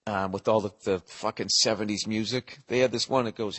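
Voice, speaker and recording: A man's voice: on the low side, steady tone, fairly quick, hardly any pauses, a bit bright, big-room sound. A man hosting a podcast, delivering a profane, digressive comedic monologue. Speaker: podcast host.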